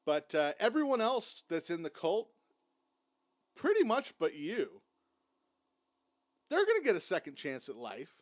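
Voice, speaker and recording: A man's voice: sits high, huge pitch swings, unhurried, pauses often, no echo, studio quality. A man hosting a watchalong stream, mocking and swearing through casual commentary while clips play. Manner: mocking, swears a lot, talks over clips. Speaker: stream host.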